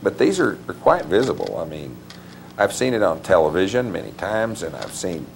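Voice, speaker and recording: Very deep, gravelly-voiced man rambling. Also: wildly swooping pitch, moderate pace, slight background noise. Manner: meandering, with many uh fillers and restarts. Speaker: author and interview guest. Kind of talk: rambling conversational interview answers.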